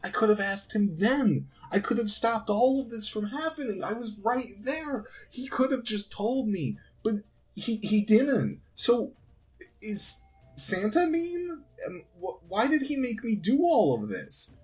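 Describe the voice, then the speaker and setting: A man's voice: takes it slowly, breathy edge, heavily acted. A man voicing a young boy named Sammy, anxious and stammering as he pleads. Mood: pleading. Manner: high, breathless, stammering questions.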